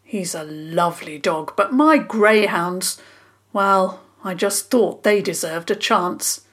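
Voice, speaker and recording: A woman's voice: medium pitch, slow, fairly bright tone. A woman voicing a flustered, guilty middle-aged man who splutters and sighs as he confesses, in a children's story. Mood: guilt-ridden. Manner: spluttering, apologetic, sighing.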